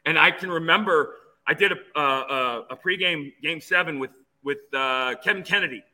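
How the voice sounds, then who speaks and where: A tense-voiced man in his fifties from Phoenix, USA, a former player, tells stories as an interview guest, animated and often restarting his sentences. His voice is a little high, his pace moderate, and the recording quality is low.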